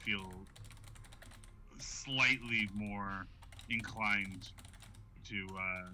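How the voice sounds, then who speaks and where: A man playing a tabletop game, speaking in a halting way and weighing each word. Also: fairly low pitch, sharp tone, slight background noise. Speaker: player. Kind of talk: tabletop role-play.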